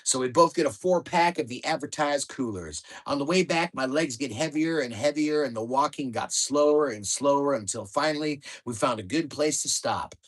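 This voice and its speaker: A man reads aloud from his own memoir in a middle-pitched voice. His delivery is wry and lively, and it rushes ahead at the exciting parts. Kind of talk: storytelling book reading.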